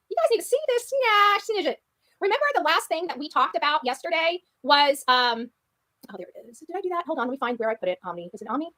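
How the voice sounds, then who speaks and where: A woman's voice: sits high, a bit bright. A woman live-streaming in a rambling, taunting way and often repeating herself. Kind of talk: rambling livestream talk.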